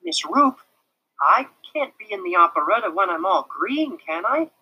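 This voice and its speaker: A storybook reader voicing an eager young schoolboy, earnest and bright. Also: medium pitch, very animated, fairly quick, husky, muffled recording, pitched above the performer's own voice, heavily acted.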